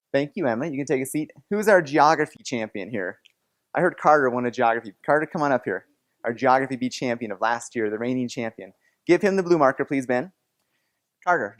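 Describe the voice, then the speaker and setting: A man leading a playful object lesson for students in a classroom, coaxing and joking with volunteers. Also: medium pitch. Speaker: teacher.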